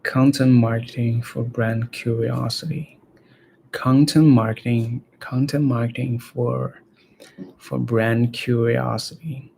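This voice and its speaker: Slow, gravelly man practicing reading aloud. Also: medium pitch, steady tone, a little mellow, slight background noise, low-quality recording. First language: Chinese. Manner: halting, repeats words and phrases to practice them. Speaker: language learner reading aloud.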